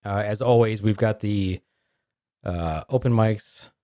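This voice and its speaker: A man co-hosting a podcast, reading dirty jokes aloud in a deadpan way and laughing at them in casual chat. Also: on the low side, no room sound, studio quality. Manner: deadpan joke delivery, quick laughs. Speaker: podcast co-host.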